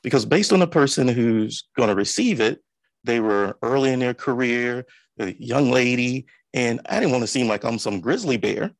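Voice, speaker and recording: A man's voice: medium pitch, animated, normal speed, no echo. A man hosting an interview, telling a workplace story in a loose, anecdotal way and acting out the people he quotes. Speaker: interview host.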